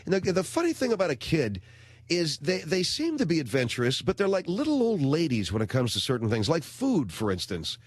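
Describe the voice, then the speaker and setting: A man's voice: a little high, huge pitch swings, fairly quick, no room sound. A middle-aged man hosting a radio show, telling a rambling, sardonic comic story in a studio. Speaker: radio talk show host. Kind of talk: comedic radio monologue.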